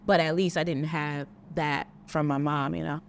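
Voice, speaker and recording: A woman's voice: low voice, normal speed, creaky, slight background noise. A woman with a Brooklyn accent in casual conversation, telling stories animatedly and acting out quotes. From Brooklyn, New York. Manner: animated storyteller, voices quotes. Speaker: actress and guest. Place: outdoors on a city street.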